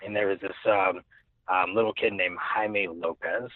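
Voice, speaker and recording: A man's voice: sits low, steady tone, unhurried, no echo. A young man telling a personal story as an interview guest, rambling with many restarts and fillers. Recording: tinny phone-like line.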